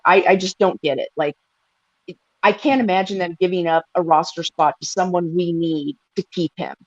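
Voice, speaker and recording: A woman co-hosting a casual sports chat, rambling and animated, swearing freely and filling with "like". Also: lowish voice, no room sound, lo-fi sound. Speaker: podcast co-host.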